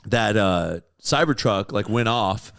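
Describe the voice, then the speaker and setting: A man's voice: lowish voice, expressive, slow pace, gravelly, fairly bright tone, clear, resonant tone. A man co-hosting a podcast, chatting casually in an easygoing way with lots of fillers. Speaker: podcast co-host. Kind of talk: casual chat.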